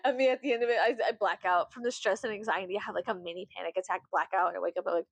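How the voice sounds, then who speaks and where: A woman's voice: on the low side, fast, gravelly, no echo. A woman vlogger chatting casually, swearing often, breaking into laughter and theatrical outbursts. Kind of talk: casual chat.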